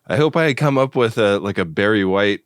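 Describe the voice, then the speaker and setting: Deep-voiced man with a rough morning voice. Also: lively intonation, brisk, no room sound. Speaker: podcast co-host. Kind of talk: casual comedic chat.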